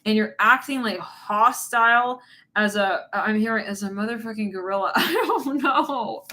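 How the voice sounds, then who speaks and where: A woman's voice: medium pitch, moderate pace, pushed and bright. Giggly, rambling woman reading tarot cards. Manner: rambling, giggly, blunt with swearing. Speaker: tarot reader. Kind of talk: casual tarot reading monologue.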